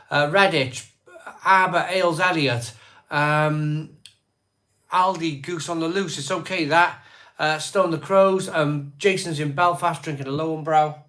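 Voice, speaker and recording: Brief: male live-stream host, fairly high voice, rattles through viewer comments casually. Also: bright, forceful tone. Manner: rattles off viewer places and beers in quick lists.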